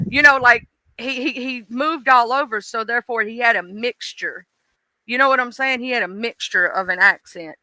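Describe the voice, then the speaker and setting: A woman's voice: fairly high pitch, fairly quick, sharp tone, dry recording. A woman with a mixed Southern accent, chatting casually on a live stream and talking straight to her viewers in a folksy way.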